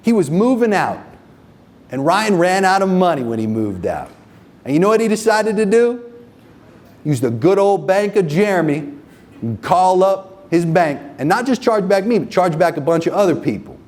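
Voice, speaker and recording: A man's voice: sits high, sing-song, moderate pace, darkish tone. A man giving a live seminar to a room of business owners, profane and emphatic, checking in with the audience with questions like "okay?" and "right?". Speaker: marketing agency owner presenting a workshop.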